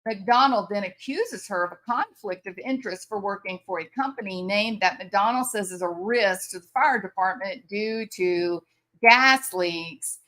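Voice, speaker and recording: A woman's voice: medium pitch, measured pace, bright, forceful tone. A woman commentator reacting to a news story, incredulous and sarcastic, often laughing in disbelief.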